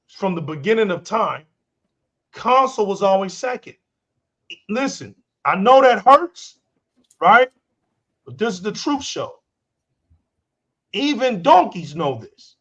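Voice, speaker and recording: A man co-hosting a gaming livestream, building his argument slowly and deliberately. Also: sits high, a bit bright. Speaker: co-host. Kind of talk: casual livestream commentary. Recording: dull lo-fi call audio.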